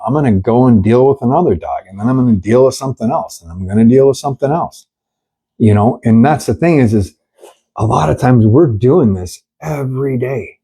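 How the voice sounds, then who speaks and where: A man's voice: on the low side, dark tone. A middle-aged man from an animal rescue, speaking candidly to camera while grieving and angry, rambling with many fillers and blunt swearing. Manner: earnest, rambling, frequent fillers. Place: sitting with dogs at the rescue.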